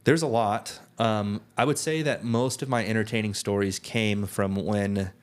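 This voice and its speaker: A young man co-hosting a podcast rambles through stories in casual chat, restarting often and dropping plenty of "like" fillers. His voice is fairly low and smooth, with fairly even intonation and a measured pace.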